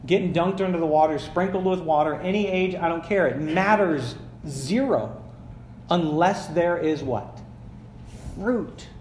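A man's voice: high-pitched, darkish tone, slight background noise. A man preaching a sermon as pastor, reading scripture and asking the congregation questions with rising emphasis. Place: church sanctuary. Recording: echoey church with faint ambience.

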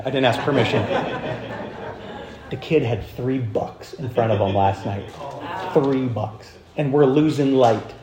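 A man preaching a sermon as pastor, animated, swinging from hushed passages to loud, high-pitched points. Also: reverberant, slight background noise. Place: church.

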